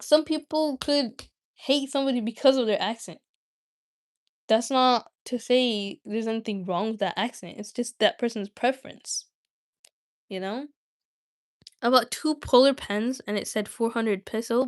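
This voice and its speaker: A young woman hosting a livestream, chatting casually with viewers in a rambling, self-interrupting way. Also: medium pitch. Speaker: livestream host.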